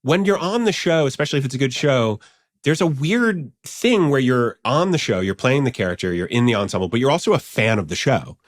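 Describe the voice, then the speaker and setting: A man's voice: mid-range voice, expressive, brisk. A man co-hosting a podcast who asks the guest questions with enthusiasm and rambling phrasing. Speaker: podcast co-host. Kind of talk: casual podcast chat.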